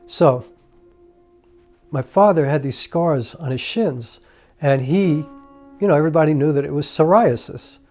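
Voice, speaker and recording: A middle-aged man earnestly telling a personal story in a conversational way, with restarts and asides, over soft piano music. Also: on the high side, a little slow, pauses often. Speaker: filmmaker and storyteller.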